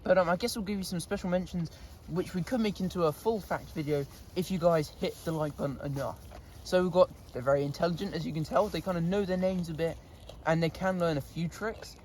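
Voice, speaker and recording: A man's voice: a little high, fairly quick, few pauses, darkish tone, a little hiss or hum. A man chatting casually to camera outdoors in a goat pen, laughing often and scolding his animals. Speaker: vlogger. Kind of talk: casual vlog talk.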